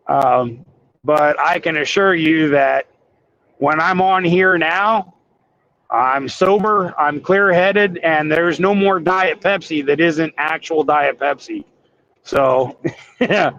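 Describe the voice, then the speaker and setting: A man's voice: on the high side, gravelly, fairly bright tone, muffled recording, slight background noise. A man who drives trucks, talking candidly and hesitantly with viewers on a livestream from his cab. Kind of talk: casual livestream chat while driving.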